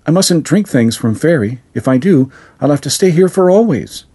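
A man voicing a frightened, polite little rich girl in a storybook reading, raising his voice high and timid. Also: lively intonation, normal speed, mellow, slightly rough.

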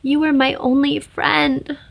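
A woman's voice: high-pitched, flat delivery, slow, creaky, pitched above the performer's own voice, full character voice. A woman voicing a lonely young woman who stammers through tears. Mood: tearful. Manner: stammering, tearful.

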